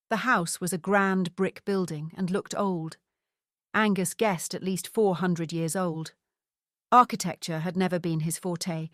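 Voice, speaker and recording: A woman narrates a mystery audiobook with a calm, steady delivery. Her voice sits low, and the recording is dry and close. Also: no echo. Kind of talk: scripted narration.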